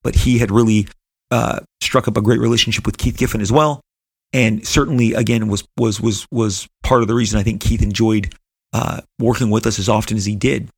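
Gravelly middle-aged man telling stories. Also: lowish voice, fairly even intonation, a little fast, dry recording. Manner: earnest, rambling, with frequent restarts. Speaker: comic book creator and host. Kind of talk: personal storytelling monologue.

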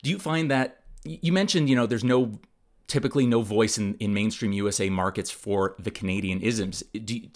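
A man hosting an interview, asking long questions in a halting way and repeating words as he frames them. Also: lowish voice.

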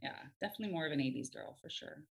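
A woman talking as a podcast guest in casual chat, animated, laughing often and swearing freely. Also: low voice, very fast, gravelly.

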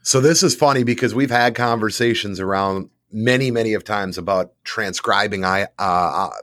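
A man's voice: on the low side, moderate pace, fairly bright tone, no room sound. A man appearing as a guest on a podcast, bantering good-naturedly and laughing often. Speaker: guest, publishing executive. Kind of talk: casual interview chat.

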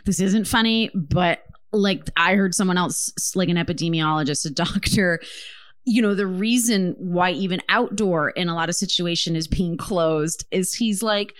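A woman co-hosting a podcast, chatting casually with impassioned, profane, animated storytelling. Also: on the low side, moderate pace, clear, resonant tone, no echo, studio quality. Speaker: podcast co-host. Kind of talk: casual chat.

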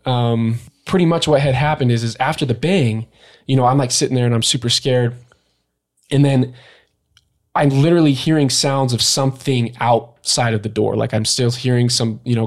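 A young man, a guest on a podcast, tells a story from his past in a casual interview, talking haltingly with many fillers and restarts. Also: mid-range voice, a little mellow.

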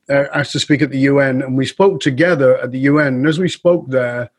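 A middle-aged man, a guest on an interview show, telling a story in a lively conversational way and acting out the dialogue. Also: mid-range voice. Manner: animated storyteller who acts out quoted dialogue. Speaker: guest speaker and coach.

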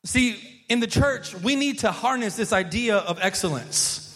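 A man with a high voice preaches to his congregation in a church, loose and conversational, tripping over and repeating words as he goes. He calls out for the people to answer back, and his voice rings with a long reverb. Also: animated, moderate pace, fairly bright tone. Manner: prompts the congregation to respond. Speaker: pastor. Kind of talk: sermon. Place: church sanctuary.

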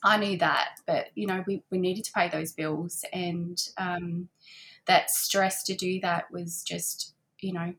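Gravelly woman, chatty. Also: fairly low pitch, level tone, takes it slowly. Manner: chatty, warm-hearted, many fillers and soft laughs. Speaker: guest, handmade boutique owner. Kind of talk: casual interview chat. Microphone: remote call.

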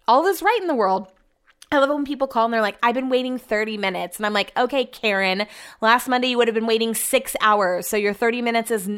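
A woman's voice: mid-range voice, fairly bright tone. A young adult woman talking casually in a rambling, upbeat vlog, with a lot of "like" in her speech. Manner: rambling, upbeat, chatty with lots of "like". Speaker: vlogger.

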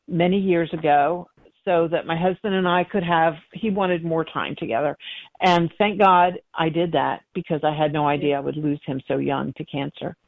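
A middle-aged woman, a psychic medium, telling stories in a conversational interview and acting out the dialogue in them. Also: on the low side. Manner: animated, acts out dialogue in her stories. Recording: dry tinny phone-like line.

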